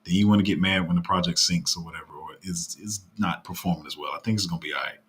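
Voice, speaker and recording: A man hosting a casual live stream about his paid crypto group, talking in a fairly flat, even tone and rambling with restarts. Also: sits low, fast. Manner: rambling, with many fillers and restarts.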